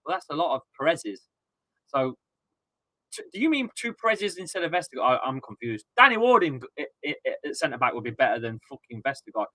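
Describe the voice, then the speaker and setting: A man's voice: a little high, sing-song, fairly quick, bright, forceful tone, no echo. A man in his thirties chatting casually and ranting with swearing on a live football watchalong stream.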